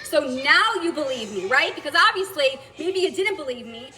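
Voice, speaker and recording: High bright-voiced woman ranting. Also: very animated, moderate pace, hardly any pauses, faint music behind, poor audio. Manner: indignant, blunt, swears. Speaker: vlogger telling a personal story. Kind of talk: emotional storytelling rant to viewers.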